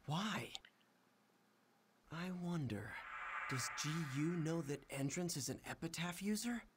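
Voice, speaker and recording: A man's voice: a little high, sing-song, a little slow, noisy background. An actor voicing a brash, edgy young male fighter in a video game, blunt and suspicious. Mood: puzzled. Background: game music.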